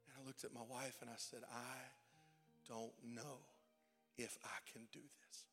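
A young adult man preaching a sermon in a church, tearful and emotional, dropping to near whispers and rising to shouted cries. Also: medium pitch, little pitch movement, measured pace. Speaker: pastor. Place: church sanctuary. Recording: long hall reverb with faint music.

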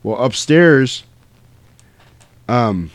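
Animated man retelling a movie, dry mic. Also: mid-range voice, very slow, dry recording. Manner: animated storytelling, acts out quotes, swears freely. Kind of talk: casual movie recap chat.

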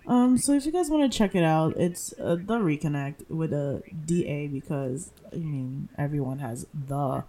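Podcast cohost talking loose and honest, mid pitch, laughs easy. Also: expressive, normal speed, few pauses, warm tone, a little hiss or hum. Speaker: podcast co-host. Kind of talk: casual chat.

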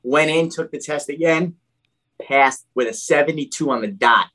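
Animated young man telling a story. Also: a little high, normal speed. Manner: animated, says "dude" a lot, restarts often. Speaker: podcast guest. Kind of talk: casual storytelling chat.

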